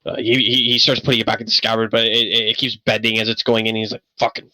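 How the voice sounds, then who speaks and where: A man narrating a tabletop game as game master in a halting, rambling way over online voice chat. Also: lowish voice, level tone, bright, forceful tone, dry recording, low-quality recording.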